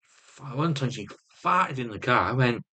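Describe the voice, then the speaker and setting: A man's voice: medium pitch, animated, normal speed, bright, forceful tone. A man vlogging with rambling personal storytelling, swearing constantly and restarting often.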